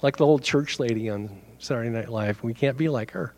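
Addressing his congregation, a mid-range-voiced pastor delivers his sermon in a lively, chatty way, tossing off brief asides and little laughs as he moves from point to point.

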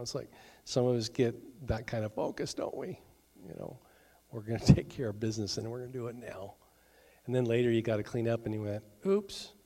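A middle-aged male pastor preaching a sermon in a conversational way, with joking asides and quick acted-out voices. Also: medium pitch, darkish tone.

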